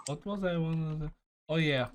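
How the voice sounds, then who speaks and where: A man's voice: a little high, normal speed, a little hiss or hum. A young man from Germany co-hosting a casual podcast over a voice call, rambling and joking. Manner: rambling, joking, bursts into shouting. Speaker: podcast co-host. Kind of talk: casual chat. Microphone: online voice call.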